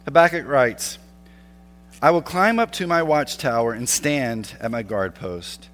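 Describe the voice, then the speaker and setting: A man's voice: medium pitch, animated, unhurried, a bit bright, soft background music. A man preaching a sermon as pastor, earnest and conversational, asking his listeners rhetorical questions. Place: church sanctuary. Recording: long hall reverb.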